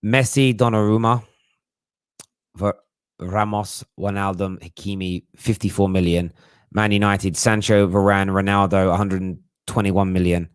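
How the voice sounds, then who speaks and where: A man's voice: sits low, fairly even intonation, unhurried, clean tone, dry recording, clean studio sound. A young man hosting a casual live chat, jokey and slangy, laughing often. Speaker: livestream host.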